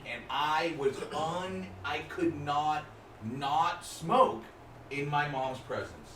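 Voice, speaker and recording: A man's voice: medium pitch, takes it slowly. A man speaking candidly and reflectively in a casual group discussion, swearing freely. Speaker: group therapy participant. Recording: roomy sound from a distant mic with faint noise.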